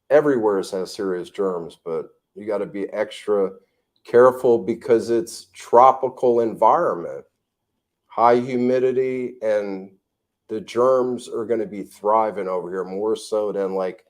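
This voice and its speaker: A man from the United States hosting a casual livestream chat from home, blunt and animated, cursing freely as he tells stories. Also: on the low side. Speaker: vlog host. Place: home in the tropics.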